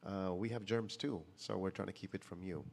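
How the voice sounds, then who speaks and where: A middle-aged man, chatting casually and softly on a home livestream, mixing in phrases. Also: deep voice, fairly even intonation, fairly quick, gravelly. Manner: soft-spoken, mixes in Filipino phrases. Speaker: singer hosting a livestream. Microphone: phone or laptop on a livestream.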